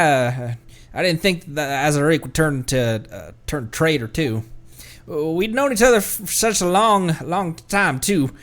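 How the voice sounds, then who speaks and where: A man's voice: fairly high pitch, fairly bright tone. Man voicing a courteous swamp crocodile rancher with a stumbling put-on drawl. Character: swamp-accented crocodile farmer man, polite and grim.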